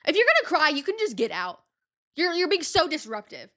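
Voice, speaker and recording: A woman voicing a mean, scolding female grade-school staff member who fires off rapid, badgering questions. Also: high-pitched, sing-song, bright, forceful tone, pitched above the performer's own voice, exaggerated voice.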